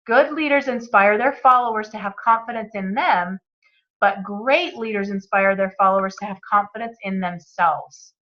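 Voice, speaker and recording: A woman's voice: medium pitch, moderate pace, dull audio. A woman hosting a book club, reading passages aloud and commenting with enthusiastic, motivational energy.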